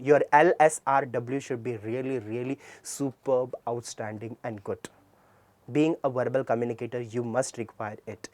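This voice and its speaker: A man with an Indian English accent and a slightly high voice delivers an earnest, classroom-style tutorial lecture on communication skills, often posing a question and then answering it himself. The recording is dry.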